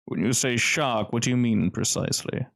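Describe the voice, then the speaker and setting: A man voicing a tall, distinguished, guarded gentleman who speaks smoothly and calmly. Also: medium pitch. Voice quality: smooth, velvety. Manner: calm, measured, cagey.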